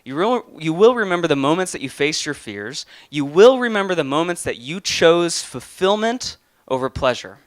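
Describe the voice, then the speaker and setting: A man's voice: a little high, very animated, normal speed, hardly any pauses, no echo, clean studio sound. A young man giving an earnest motivational talk and telling a personal story, with some restarts. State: getting emotional. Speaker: motivational speaker.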